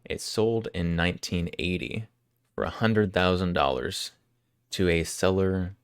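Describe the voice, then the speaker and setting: Deep-voiced joking streamer man. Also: measured pace, clean tone, no echo, studio quality. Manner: joking and rambling, answering chat questions. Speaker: live streamer. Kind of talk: casual live-stream chat with viewers.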